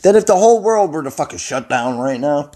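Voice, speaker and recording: A man's voice: fairly high pitch, animated, a little fast, mellow. A man ranting angrily and off the cuff at home, swearing constantly and rambling into his phone. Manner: angry, heavily profane, rambling. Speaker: vlogger. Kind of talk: unscripted profane rant. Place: indoors at home, seated.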